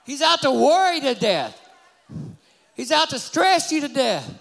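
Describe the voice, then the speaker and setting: Male preacher, very high gravelly voice, shouted call-and-response delivery. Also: sing-song, a little slow. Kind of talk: fiery sermon. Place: church service before a congregation. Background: congregation.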